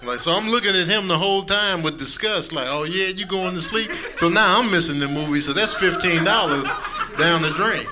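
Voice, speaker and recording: A middle-aged man doing a stand-up set, acting out his friends and sons in voices. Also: fairly quick. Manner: animated, acts out friends and family in high voices. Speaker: stand-up comedian. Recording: live club set with clear background noise.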